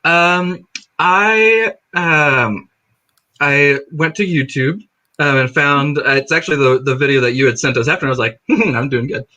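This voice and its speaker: A man's voice: fairly high pitch, normal speed, sharp tone. A man who acts in a stage play, chatting casually in an interview with many fillers and restarts.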